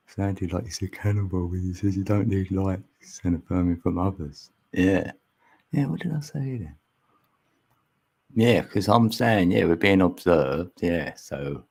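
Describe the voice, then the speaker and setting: Husky low-voiced man, chatty. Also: a little mellow. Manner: chatty, laughs often, rambling musings. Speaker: livestream host. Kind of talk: casual chat with viewers. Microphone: mic on an arm extension.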